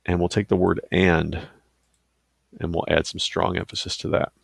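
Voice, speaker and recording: Deep, gravelly man talking through a tutorial. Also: level tone, normal speed, dry recording, studio quality. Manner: casual, loose, with fillers and asides. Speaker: teacher giving a software tutorial. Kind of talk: screen-recorded tutorial.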